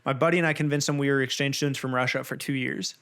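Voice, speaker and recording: A man's voice: medium pitch, fairly even intonation, very fast, fairly bright tone, smooth. A young man chatting casually on a podcast, rambling and playful. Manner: rambling, lots of fillers and restarts, playful. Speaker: podcast co-host. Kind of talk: casual chat.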